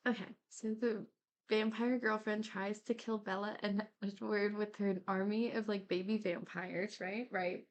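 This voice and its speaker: A young woman doing quiet ASMR rambling in a casual, giggly way, full of fillers. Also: medium pitch, little pitch movement, a little slow. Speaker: YouTuber.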